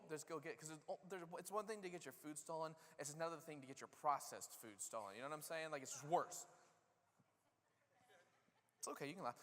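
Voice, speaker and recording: A middle-aged man preaches in a relaxed, joking way, full of asides to the congregation. His voice sits a little high for a man. A long reverb from the church hall hangs behind each phrase. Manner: casual, joking storyteller with asides. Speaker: pastor. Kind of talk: sermon. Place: church sanctuary.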